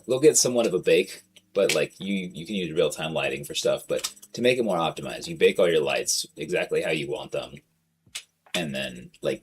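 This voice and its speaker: A man with a low, deep voice talks casually on a livestream, rambling from one thought to the next. His speech is slangy and full of swearing. Soft guitar music plays quietly in the background. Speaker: streamer.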